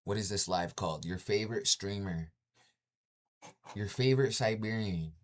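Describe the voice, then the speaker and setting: A man's voice: fairly low pitch, moderate pace. A man livestreaming from home, telling stories in a loose, profane chat and tossing in "yo" constantly. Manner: profane, keeps saying "yo"; animated storytelling with sound effects. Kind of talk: casual live-stream chat.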